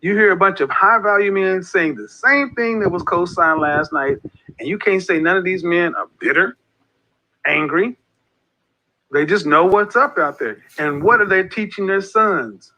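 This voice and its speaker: A man's voice: high-pitched, normal speed, bright, forceful tone. A man giving an impassioned, preachy monologue as an online group leader, repeating his points with emphasis. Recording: dull lo-fi audio.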